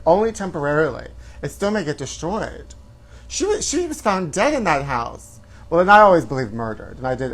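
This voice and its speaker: Campy male host, flamboyant gossip delivery, says honey a lot. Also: medium pitch. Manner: flamboyant, calls viewers honey. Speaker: comedy show host.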